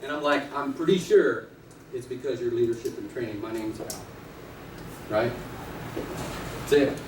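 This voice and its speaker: A man teaching a live class of real estate agents, playful and energetic, acting out little scenes and quizzing the audience. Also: medium pitch, moderate pace. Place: training room with an audience. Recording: echoey room, distant mic, noisy.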